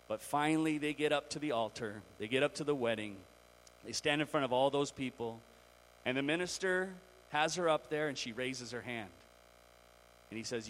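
A male pastor with a mid-pitched voice tells a story in lively fashion, dipping into the characters' voices as he goes. A faint hum sits under his preaching. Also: moderate pace, rough recording. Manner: animated storytelling, acting out the characters. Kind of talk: sermon.

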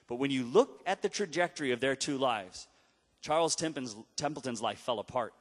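A man preaching a sermon, telling a story with dramatic pauses and acted-out quotes. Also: medium pitch, expressive. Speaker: pastor. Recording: long hall reverb.

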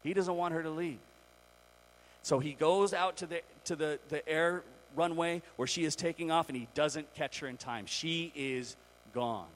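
A man preaching a sermon, telling a story in an animated way and acting out the characters before turning to scripture. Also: fairly high pitch, moderate pace, rough recording. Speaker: pastor.

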